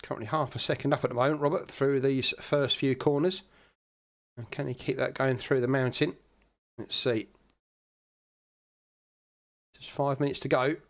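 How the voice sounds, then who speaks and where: A man's voice: mid-range voice, a little fast. Chatty sim racing commentator, a man. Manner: chatty, relaxed, many fillers. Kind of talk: live race commentary.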